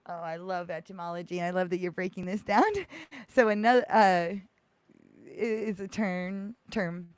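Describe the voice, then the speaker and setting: A woman's voice: fairly low pitch, fairly even intonation, moderate pace, clean tone, no echo. Giggly rambling woman host, dry sound. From United States. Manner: rambling, many restarts and giggles. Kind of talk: casual live-show chat.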